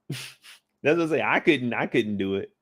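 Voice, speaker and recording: A man's voice: medium pitch, animated, measured pace, a bit bright, breathy edge, dry recording. A man hosting a casual live recap of a TV episode, talking in a laid-back, slangy way with joking asides. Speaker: show recap host.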